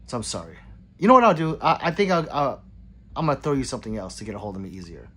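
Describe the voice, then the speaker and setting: A man's voice: medium pitch, big pitch swings, quick pace, pushed and bright, slightly rough. A man hosting a casual livestream, reading viewer comments aloud in a rambling, apologetic way and muttering between them. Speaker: gun channel livestream host.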